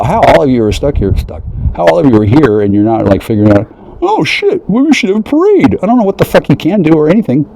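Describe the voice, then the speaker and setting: A man talking straight to his listeners in a profane, agitated, rambling rant that jumps from one idea to the next and mocks other people in high voices. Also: warm tone, a little hiss or hum, rough recording. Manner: profane, agitated, conspiratorial, jumps between ideas; mocking quoted voices in a high pitch.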